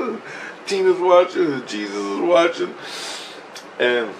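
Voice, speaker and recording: A man telling a rambling, profane story in a casual vlog, getting excitable as he goes. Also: fairly high pitch, unhurried, long pauses, a little hiss or hum, poor audio. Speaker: vlogger.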